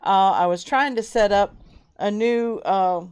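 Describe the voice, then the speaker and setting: Slow-talking woman hosting a live stream. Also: mid-range voice, clear, resonant tone. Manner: reads viewer comments aloud and greets them warmly by name. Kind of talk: casual live stream chat. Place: home fish room. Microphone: webcam.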